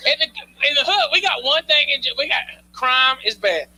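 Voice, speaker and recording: A man's voice: extremely high pitch, sing-song, normal speed, sharp tone, rough recording. A male stand-up comedian on a club stage, talking loose and slangy while teasing the crowd through a handheld mic.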